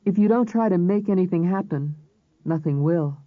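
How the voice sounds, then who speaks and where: A male narrator voicing a sharp-tongued woman medical examiner, lifting his pitch for her crisp retorts. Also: moderate pace, no room sound, lightly acted. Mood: earnest. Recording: slightly dull audiobook recording.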